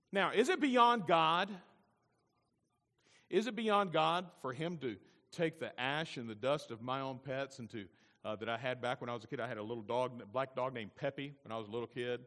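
A middle-aged man preaching a sermon as pastor, swelling to loud emphatic peaks and slowing down on key words. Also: medium pitch, in a large hall.

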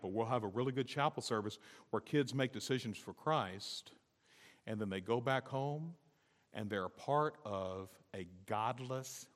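A man preaching a sermon as a pastor, talking emphatically and building to loud, high exhortation. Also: big-room sound. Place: church sanctuary.

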